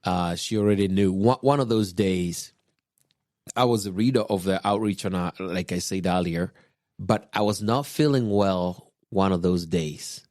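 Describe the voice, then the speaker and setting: A man from Kenya, relaxed and chuckling often as he tells a personal story in casual chat. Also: low voice, measured pace, dry recording, clean studio sound. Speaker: podcast guest.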